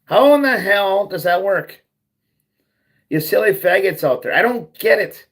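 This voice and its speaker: A man's voice: high voice, lively intonation, unhurried, fairly bright tone. A man hosting a livestream, ranting bluntly and profanely, repeating himself as he goes. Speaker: livestream host. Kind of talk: ranting monologue.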